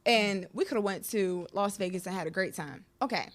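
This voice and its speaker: A woman's voice: mid-range voice, fairly quick. A woman guest telling her personal story frankly and animatedly, often laughing between lines.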